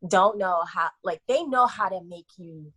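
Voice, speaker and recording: A woman's voice: lowish voice, measured pace, breathy edge. A woman guest on a podcast telling personal stories candidly in casual slang, acting out what people said. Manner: candid, animated storyteller, acts out quotes, casual slang.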